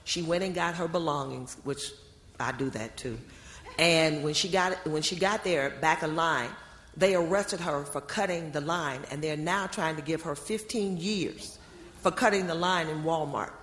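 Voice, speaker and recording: A woman's voice: low voice, normal speed, fairly bright tone. A woman in the audience asking a question, hesitant, with stumbling restarts. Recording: roomy hall echo.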